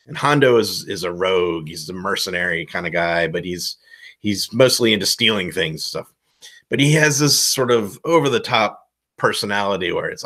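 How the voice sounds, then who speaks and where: A man giving casual advice as a game master, loose and self-deprecating, rambling with a relaxed tone. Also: lowish voice. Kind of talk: casual instructional talk.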